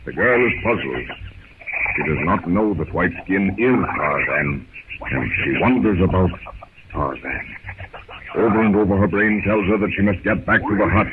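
A man's voice: deep voice, normal speed. Brief: male narrator, dramatic storytelling, 1930s radio acting, phone-thin sound. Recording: tinny old radio broadcast with hiss.

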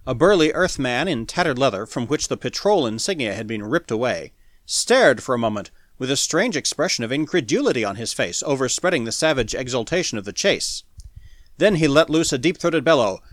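A man narrating a pulp science fiction story as an audiobook in a dramatic, animated reading. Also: mid-range voice, brisk, dry recording, studio quality.

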